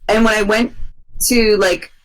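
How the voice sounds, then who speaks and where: A woman's voice: mid-range voice, fairly even intonation, a little slow, poor audio. A woman co-hosting a podcast, telling a long work story in casual chat, rambling with lots of fillers and restarts.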